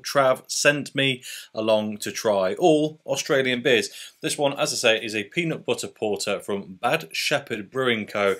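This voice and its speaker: A man's voice: mid-range voice, fairly bright tone. A British man hosting a casual beer review vlog, chatty and upbeat with loose fillers. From Britain.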